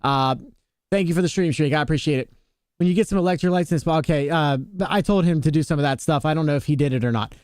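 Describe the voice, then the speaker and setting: Young american guy streaming, high pitched voice, profane rambling chat, dry close mic. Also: fast, darkish tone, no room sound. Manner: rambling, profane, self-mocking, reads chat aloud. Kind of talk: casual live-stream chat with viewers.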